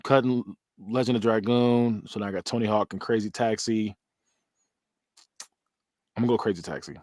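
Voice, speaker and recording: Animated man hosting a gaming chat. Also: fairly low pitch, dry recording, studio quality. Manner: animated, laughs often, drawn-out talk. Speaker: podcast host.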